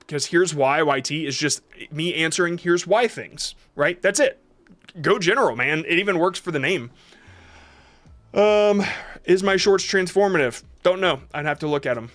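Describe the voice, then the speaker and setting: A man's voice: on the high side, a bit bright. Man hosting a livestream Q&A over faint music. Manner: reads chat questions aloud and answers off the cuff, many fillers and restarts. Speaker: livestream host reviewing shorts. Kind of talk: casual livestream Q&A.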